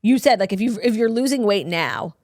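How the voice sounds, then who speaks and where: A woman's voice: mid-range voice, animated, a little fast, darkish tone, dry recording, studio quality. A woman in her thirties co-hosting a podcast, chatting casually and gossiping with many "like" fillers. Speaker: podcast co-host. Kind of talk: casual chat.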